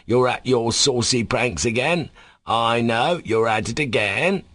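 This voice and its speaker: A man voicing an angry, dim-witted young clerk who repeats himself in a slow, drawn-out way in an audiobook reading. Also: medium pitch, no room sound, studio quality, voice pushed up. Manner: slow, drawn-out, repetitive shouting.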